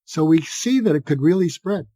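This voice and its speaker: An older man tells stories as a guest on a podcast and acts out the voices of the people in them. His voice sits a little high for a man. The recording is dry and close, with no room sound. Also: moderate pace, dry recording. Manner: animated anecdotes, acting out quoted dialogue. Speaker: guest, psychiatrist. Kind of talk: podcast interview storytelling.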